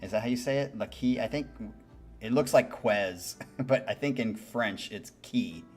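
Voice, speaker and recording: A man's voice: medium pitch, normal speed, a little mellow. A man hosting a music reaction channel, giving candid, musing commentary and swearing casually.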